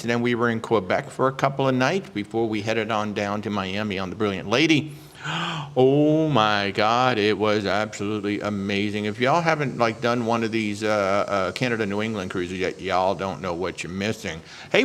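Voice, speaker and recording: A man hosting a live cruise question-and-answer stream as a travel agent. He talks in an excitable, chatty way, greets viewers by name and fills pauses with lots of "uh"s. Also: medium pitch. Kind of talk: casual live-stream chat.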